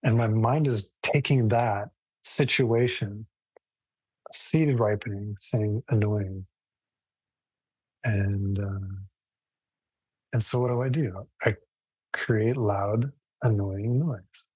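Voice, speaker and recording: A man teaching a relaxed live yoga class online, talking casually and thoughtfully, with frequent restarts. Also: on the low side, slow pace, breathy edge, no echo, low-quality recording.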